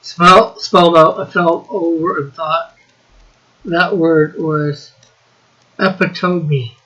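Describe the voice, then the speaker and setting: A man's voice: a little high, steady tone, slow pace, pushed and bright, muffled recording. A man co-hosting a casual live stream, chatting and reading out viewer comments in a drawling way. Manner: reads out chat messages, drawling.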